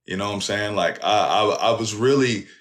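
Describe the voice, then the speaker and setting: A man hosting a casual talk show, telling a personal story in an animated, profane way and speaking straight to his listeners. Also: fairly low pitch, moderate pace. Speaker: host.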